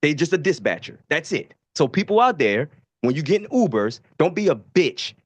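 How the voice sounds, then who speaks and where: A man from Baltimore, a podcast co-host, telling stories in a profane, animated casual way. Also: a little high, moderate pace, no echo. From Baltimore, USA. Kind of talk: casual storytelling.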